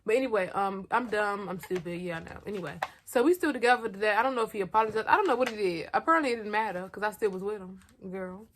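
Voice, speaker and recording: A woman's voice: medium pitch, fast talker, hardly any pauses, slight background noise. A young woman telling a personal story in a storytime vlog, candid and slangy, talking straight to her viewers and poking fun at herself. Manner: blunt and self-mocking. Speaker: vlogger.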